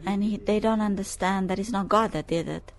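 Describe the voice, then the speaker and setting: A woman preaching, recounting news in a halting, filler-heavy way, rising to forceful preaching. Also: mid-range voice. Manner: halting, many fillers and restarts; grows loud and forceful when preaching. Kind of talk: sermon reading news and prophecy.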